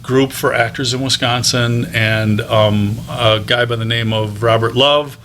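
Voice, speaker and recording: A man's voice: medium pitch, fairly even intonation, unhurried, fairly bright tone, a little hiss or hum. A man in his fifties, a teacher turned voice actor, telling stories from his career as an interview guest in a chatty, anecdotal way. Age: 50s. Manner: chatty anecdotal telling with frequent ums and restarts. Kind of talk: casual interview storytelling.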